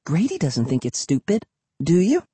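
A man voicing a bold young girl in an audiobook who teases and lowers her voice to talk about scary things. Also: huge pitch swings, moderate pace, breathy edge, no room sound, exaggerated voice. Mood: teasing. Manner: teasing, insistent, drops to a hush for scary talk. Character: bold, spooky-minded young girl with a teasing edge. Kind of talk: audiobook character voice.

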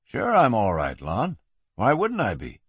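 A man's voice: medium pitch, wildly swooping pitch, a little slow, husky, dry recording, heavily acted. Man voicing a stern frontier sheriff. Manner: clipped commands. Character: stern, hard-edged male frontier sheriff.

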